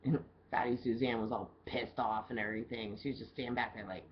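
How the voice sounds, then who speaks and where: A woman's voice: extremely low pitch, steady tone, fast talker, slight background noise. A woman working as a bartender, telling stories in a loose, chatty video diary and swearing casually. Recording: dull lo-fi camera audio with faint background ambience.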